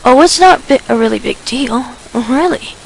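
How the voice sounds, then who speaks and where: A shy, polite teenage boy who speaks softly and hesitantly, tripping over the start of his words, as a woman voices him. The voice sits a little high and carries a heavy gravelly fry. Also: expressive, moderate pace, full character voice, poor audio. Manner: hesitant, soft-spoken, stammering.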